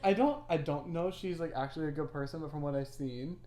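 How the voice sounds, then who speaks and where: A woman's voice: low voice, quick pace, mellow. A woman co-hosting a podcast in rambling, teasing casual chat, laughing often. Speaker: podcast co-host.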